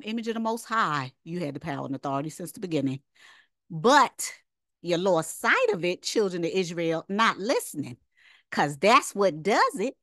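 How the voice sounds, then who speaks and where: A Bible teacher gives an informal lesson, emphatic and conversational, repeating her points as rhetorical questions and slipping into casual asides. Her mid-range voice is a bit bright, with clean studio sound and no echo.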